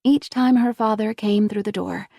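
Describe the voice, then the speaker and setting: A woman reading a thriller audiobook in a steady, measured voice on a close studio mic. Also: mid-range voice, vocal fry, no echo. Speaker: audiobook narrator. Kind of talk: scripted narration.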